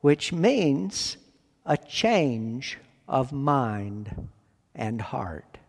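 A man preaching a sermon from the pulpit, speaking in slow, deliberate phrases with long pauses. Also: medium pitch, sing-song, vocal fry. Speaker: pastor. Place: church sanctuary. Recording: long hall reverb.

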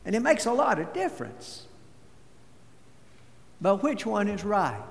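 Slow, high-voiced preacher. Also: male voice, huge pitch swings, creaky. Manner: measured, deliberate preaching with storytelling. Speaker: pastor. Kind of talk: sermon. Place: church sanctuary. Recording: long church reverb.

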